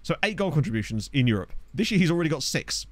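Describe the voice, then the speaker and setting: A young man riffs over a football management game, chatting with his viewers as the match goes on. His pitch jumps all over the place when he gets excited. The sound is dry and close, like a desk microphone at home. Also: fast, no room sound. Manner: chatty, excitable, reads chat aloud. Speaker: gaming streamer. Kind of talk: live gameplay commentary. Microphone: desk USB microphone.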